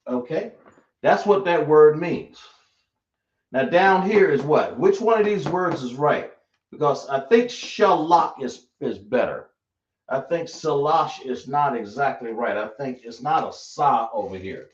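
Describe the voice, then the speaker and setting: A man teaching a class live, explaining slowly and repeating himself as he checks that everyone follows. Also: a little high, expressive. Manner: slow, repetitive explaining, checking the class often. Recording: echoey room, dull lo-fi sound.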